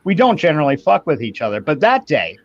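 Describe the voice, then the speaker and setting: A man's voice: on the high side, very animated, fast talker. Profane ranting man in his fifties. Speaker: livestream host. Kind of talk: casual chat. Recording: slightly muffled stream audio.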